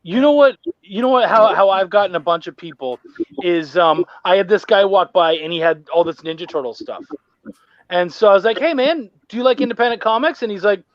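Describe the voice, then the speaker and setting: High-voiced animated guy on a lo-fi mic. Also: a little fast, no echo. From Canada. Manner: animated storyteller who acts out both sides of a sales pitch; slangy, says homie. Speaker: guest, independent comic creator. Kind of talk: casual live-stream chat. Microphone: home mic on a live video stream. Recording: dull lo-fi stream mic.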